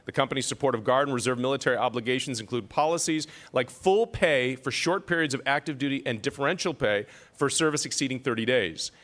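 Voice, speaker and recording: A man's voice: mid-range voice, fast, few pauses, fairly bright tone. A man emceeing an awards ceremony, reading citations with self-deprecating joking asides.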